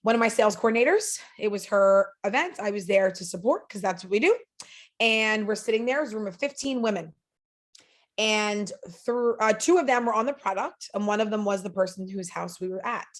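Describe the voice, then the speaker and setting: A woman's voice: mid-range voice, brisk. A woman speaking as a podcast guest, telling a story in an earnest, emphatic, motivational way. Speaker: podcast guest, sales leader.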